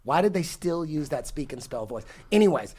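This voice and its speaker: A man's voice: on the high side, sing-song, moderate pace, a little mellow. A man in his forties telling a long story in casual podcast talk, profane and rambling with many restarts. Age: 40s. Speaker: podcast guest. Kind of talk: casual conversation.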